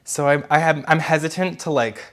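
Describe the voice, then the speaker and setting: A man's voice: a little high, a little fast, a bit bright. A man chatting casually to camera at home about his houseplants, rambling and correcting himself as he goes. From Philadelphia area. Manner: rambling and self-correcting, with small laughs. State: out of breath. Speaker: plant vlogger. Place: home apartment indoors.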